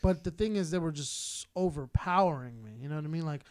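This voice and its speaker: A man's voice: fairly high pitch, fairly quick, a little mellow. A man from Southern California co-hosting a podcast, ranting in a heated, rambling, profane way. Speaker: podcast co-host. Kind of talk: casual podcast rant.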